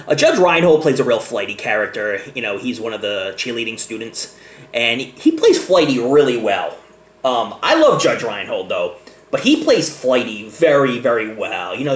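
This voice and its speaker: Chatty laughing man in echoey room. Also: mid-range voice. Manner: chatty, rambling, laughs often. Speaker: movie reviewer. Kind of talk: casual video review.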